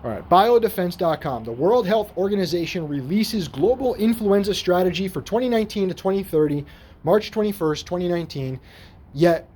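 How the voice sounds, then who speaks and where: A man's voice: sits high, warm tone. A man giving an indignant, profane commentary while reading headlines aloud from his screen. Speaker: commentary vlogger. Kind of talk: ranting screen-share commentary.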